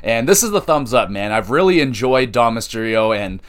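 A man hosting a wrestling podcast, recapping shows in an excitable, chatty way with lots of fillers. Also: mid-range voice, normal speed.

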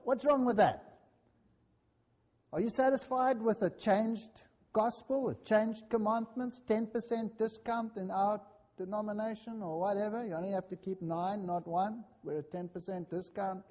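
A man preaching a sermon, telling a personal story in an earnest, dramatic way that swings between loud and hushed. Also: high-pitched, a little slow, big-room sound.

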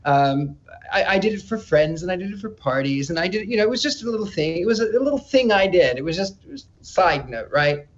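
A man as a psychic guest in an interview, telling stories in an animated, chatty way with frequent stammered restarts. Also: high voice, quick pace, highs cut off. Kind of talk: casual interview storytelling.

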